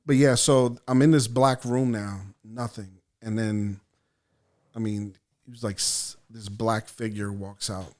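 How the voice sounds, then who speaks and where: Man, from El Salvador, podcast guest, low-pitched, cursing, animated storytelling. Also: a little slow. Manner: profane, animated storyteller acting out his own thoughts. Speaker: podcast guest, actor and writer. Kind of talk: casual storytelling chat.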